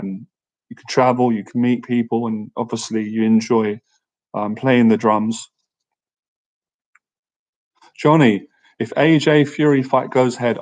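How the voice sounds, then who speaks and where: A man's voice: on the low side, poor audio. A man who coaches social skills, chatting casually through a live-stream Q&A in an upbeat way, laughing easily and often asking "right?". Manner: laughs easily, animated when telling stories.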